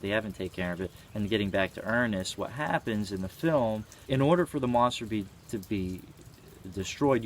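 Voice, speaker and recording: A man's voice: lowish voice, slight background noise. A man in his twenties talking casually and earnestly to camera, rambling with many fillers and the odd swear word. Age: 20s. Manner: rambling, frequent "you know" fillers. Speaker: vlogger. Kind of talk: casual reflective monologue.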